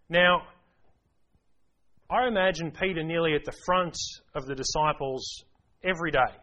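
Emphatic preacher man, slightly high voice. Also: moderate pace, long pauses, bright, forceful tone. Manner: emphatic, repeats key phrases, asks the congregation rhetorical questions. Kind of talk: sermon. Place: church service.

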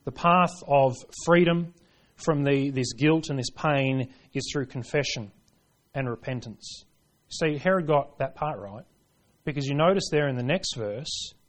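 A man preaching a sermon, reading scripture aloud and driving points home, swinging between hushed lines and forceful ones. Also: medium pitch. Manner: reads scripture aloud in King James wording.

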